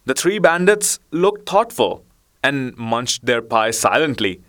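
A man reading a children's story aloud in a measured, expressive way. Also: medium pitch. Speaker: narrator.

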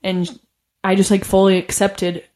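Her voice sits at medium pitch with a darkish tone, and she delivers it in an unhurried monotone. As a podcast host, she chats casually through a personal story, leaning heavily on "like" and laughing frequently.

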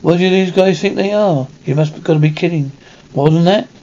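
A man voicing a determined female newspaper reporter, brisk and exasperated, on a dull lo-fi recording. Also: on the high side, a little mellow, lightly acted.

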